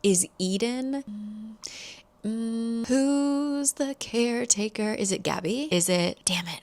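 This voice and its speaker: A woman's voice: a little high, takes it slowly, darkish tone. A woman recapping a book's plot in a casual, chatty way, full of "like" and sarcastic asides. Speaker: book YouTuber.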